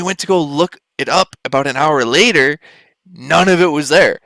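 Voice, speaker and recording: A man's voice: on the high side, normal speed, vocal fry, no room sound. A man in his thirties from Canada, casually telling a personal story in a rambling way, full of "like.". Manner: rambling, lots of filler "like", excited retelling. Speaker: vlogger.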